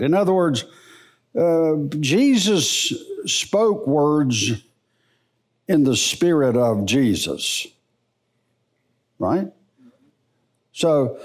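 A middle-aged man teaching the Bible in a church service, in a folksy, unhurried preaching manner. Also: a little high. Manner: slow, animated, folksy preaching.

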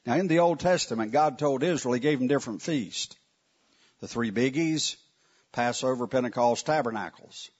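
A man's voice: mid-range voice, normal speed, a little mellow, husky. A man teaching a Bible lesson in a conversational, wry way, often putting questions to his listeners. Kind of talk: sermon teaching. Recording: dull lo-fi recording.

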